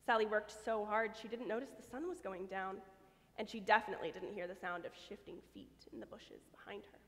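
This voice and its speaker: A woman reading a children's story aloud at a church service, expressive and lively. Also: medium pitch, brisk. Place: church sanctuary. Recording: long church reverb.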